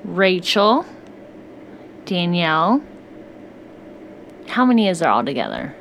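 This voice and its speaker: Slow-talking giggly woman co-host. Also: lowish voice, sing-song, creaky, fairly bright tone, a little hiss or hum. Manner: giggly, easygoing, laughs often. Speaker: podcast co-host. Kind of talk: casual chat.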